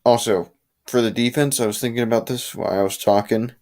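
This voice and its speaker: A man's voice: medium pitch, steady tone, a little fast, darkish tone. A young man hosting a late-night live chat with viewers, talking casually and rambling with restarts and opinionated asides, sleepy and yawning. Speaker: livestream host.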